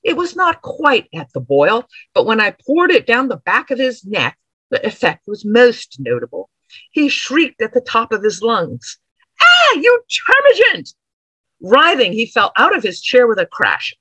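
A woman author reading her own period story aloud in a measured, expressive way. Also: medium pitch, husky, no room sound, low-quality recording. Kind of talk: dramatic reading of period fiction.

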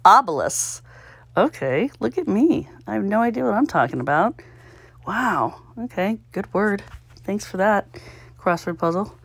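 A woman's voice: mid-range voice, no echo. A woman vlogger talking casually to herself while she solves a puzzle, sounding out guesses and laughing at her own mistakes. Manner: self-mocking, thinks aloud, sounds out guesses, giggles. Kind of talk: casual solo commentary while solving.

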